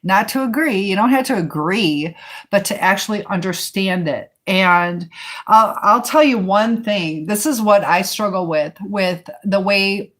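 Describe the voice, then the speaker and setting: A woman's voice: mid-range voice, unhurried, fairly bright tone. A woman hosting a casual live stream, talking in a rambling way with many fillers while she answers viewer comments.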